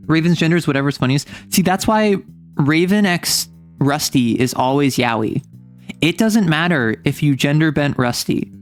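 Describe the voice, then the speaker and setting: Playful young woman streamer, mock-outraged. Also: low voice. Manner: playful, mock-indignant joking with chat. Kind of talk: casual game stream chat.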